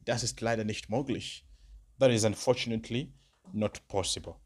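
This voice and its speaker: A man tutoring for a beginner German exam, explaining in English and slowly repeating German phrases for learners. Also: on the low side, darkish tone. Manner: patient explainer, checks understanding with "right?" and "okay?". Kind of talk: exam-prep lesson.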